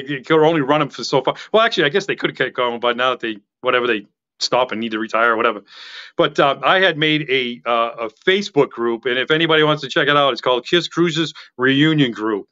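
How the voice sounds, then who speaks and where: A man talking as a podcast guest in casual chat, excitable and rambling, with a loud voice that carries. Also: mid-range voice, muffled recording.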